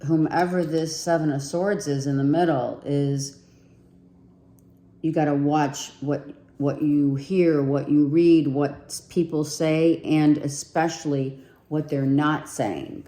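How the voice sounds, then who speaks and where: Low, slow woman reading tarot. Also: steady tone, mellow, echoey room. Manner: chatty, repeats herself, thinks aloud while pulling cards. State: losing her voice. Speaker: tarot reader. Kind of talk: casual tarot reading to viewers.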